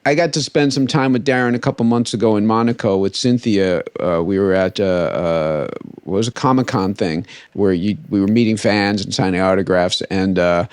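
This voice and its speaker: A man co-hosting a podcast, telling stories in a halting way, with many restarts and fillers. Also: fairly low pitch, clean tone, no echo, clean studio sound. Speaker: podcast co-host. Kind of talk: casual chat.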